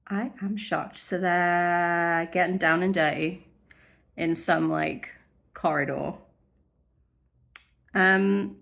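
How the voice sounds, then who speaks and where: A woman's voice: mid-range voice, steady tone, slow, gravelly, pauses often, a bit bright. A young woman recapping a fantasy novel in a casual, sweary chat, full of wry asides. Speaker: book vlogger.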